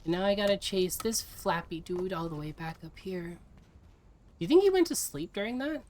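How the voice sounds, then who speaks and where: A woman streaming a video game, chatting casually with her viewers in an exasperated, teasing way and quick to laugh. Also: fairly low pitch, lively intonation, a little mellow, a little hiss or hum.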